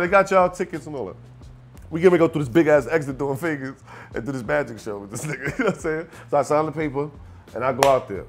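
A Brooklyn rapper with a Brooklyn accent tells a story as a guest in a casual interview, animatedly acting out the other people in it and repeatedly asking "you know what I'm saying." His medium-pitched voice moves fast, with faint music in the background.

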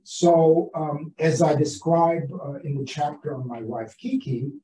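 An older man speaking as an author at an academic seminar, talking in a halting way with many restarts and fillers. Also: a little high, mellow. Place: seminar room. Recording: roomy, distant from the mic.

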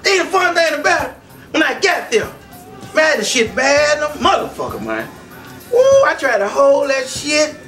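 A man telling profane stand-up comedy stories in a loud, animated way, often breaking into shouts. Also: very high voice, normal speed. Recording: distant mic, faint music behind.

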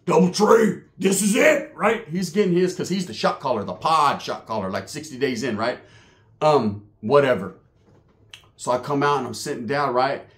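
A man's voice: medium pitch, expressive, normal speed, a bit bright. A man telling a prison story in casual, profane, slang-heavy street talk.

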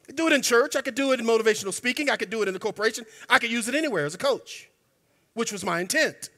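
A man preaching a sermon in a church, emphatic and colloquial, sometimes breaking into shouts. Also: extremely high pitch, animated, racing. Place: church sanctuary. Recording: long hall reverb.

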